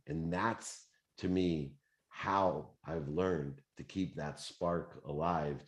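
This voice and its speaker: A very deep, low-pitched man in his fifties runs a live motivational Q&A. He talks in an animated, conversational way and drops in fillers as he goes. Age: 50s. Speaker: host.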